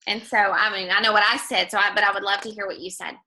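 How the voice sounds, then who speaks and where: A woman's voice: mid-range voice, steady tone, quick pace, pushed and bright, low-quality recording. A woman from Texas hosting a team call, eagerly asking her guest questions. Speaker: call host.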